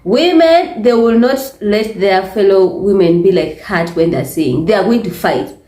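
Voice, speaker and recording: A woman's voice: medium pitch, lively intonation, measured pace, mellow. A woman with a Ugandan English accent talking to camera in a casual vlog, emphatic, repetitive and exasperated. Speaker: vlogger. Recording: echoey room.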